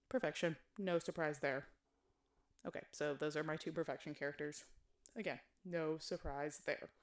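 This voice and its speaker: A woman YouTuber talking in casual chat, animated, blunt and jokey. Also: deep voice. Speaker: YouTuber reviewing films.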